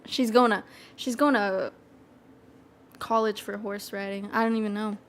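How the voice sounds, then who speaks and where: A woman's voice: mid-range voice, fairly even intonation, normal speed. A young woman chatting casually as a streamer reading chat, rambling, full of fillers and giggles.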